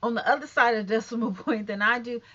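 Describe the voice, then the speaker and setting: A woman's voice: fairly high pitch, quick pace, lo-fi sound. A woman in her fifties ranting bluntly and profanely in a casual vlog. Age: 50s. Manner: blunt, profane, animated and emphatic. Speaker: vlogger. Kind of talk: casual rant to camera.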